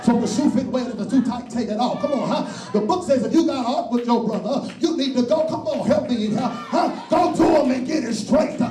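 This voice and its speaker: A man preaching a sermon with call-and-response, shouting and then dropping low. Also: fairly quick, hardly any pauses, soft background music, a faint crowd. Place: church. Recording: echoey church from far off.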